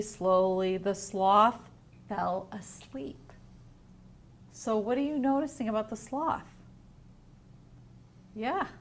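A woman teacher with a New England accent reads a picture book to young children at a very unhurried pace. She stretches out the words and stops to ask the children questions. A faint hum of room ambience sits behind her voice. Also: a little high. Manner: gentle, drawn-out reading, asks children questions. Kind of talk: storybook read-aloud lesson. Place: at home.

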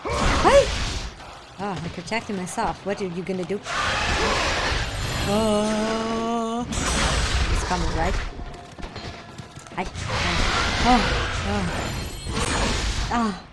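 A woman playing a video game, reacting excitably and cheering on the character. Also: mid-range voice, takes it slowly, pauses often, heavy background noise. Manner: excitable, exclaiming, talks to the character. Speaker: gamer streamer. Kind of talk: live gameplay reactions. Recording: voice over loud game music.

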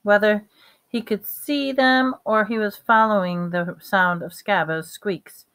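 A woman reading a novel aloud at a steady pace, with small slips and restarts. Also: mid-range voice, slow pace, smooth. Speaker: reader.

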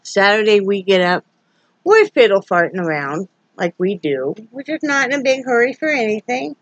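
A woman's voice: medium pitch, sing-song, moderate pace, dry recording, highs cut off. A middle-aged woman chatting casually to camera from her home, homey and talkative, filmed on a camera set up on a ring light. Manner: chatty and homey, with laughs and asides. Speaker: vlogger. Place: home, indoors. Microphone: phone or camera on a ring light.

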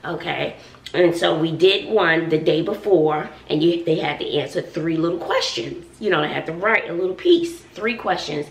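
A woman's voice: sits low, moderate pace, gravelly, recorded from a distance. A woman in her forties, a schoolteacher, chatting casually to viewers while cooking in her home kitchen, sassy and talkative. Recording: echoey room, voice off-mic.

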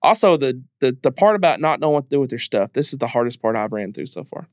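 A man's voice: medium pitch, lively intonation, fast talker, a little mellow, no room sound, studio quality. A man speaking as a podcast guest in a candid interview, earnest and emphatic, repeating phrases as he talks openly about grief.

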